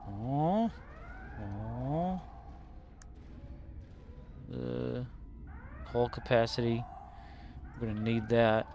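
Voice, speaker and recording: A man chats casually while he plays a game live. His voice sits at an ordinary middle pitch, and he rambles, cracks jokes and mutters half-thoughts to himself. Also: drawn-out words, gravelly, pauses often, dark tone, dull audio, slight background noise. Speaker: game streamer. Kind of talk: casual live-stream commentary.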